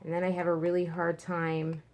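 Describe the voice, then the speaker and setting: A woman's voice: lowish voice, monotone, normal speed. A woman talking frankly in a rambling personal vlog at home, full of fillers and restarts. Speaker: vlogger. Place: at home, indoors.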